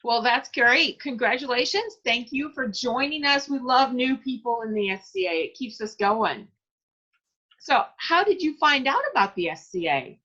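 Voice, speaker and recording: A woman's voice: fairly high pitch, lively intonation, moderate pace, bright, forceful tone. A woman hosting an interview show, chatty and encouraging as she asks her guest questions. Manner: chatty and encouraging, laughs easily. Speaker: podcast interviewer. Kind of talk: casual interview. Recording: dull lo-fi audio.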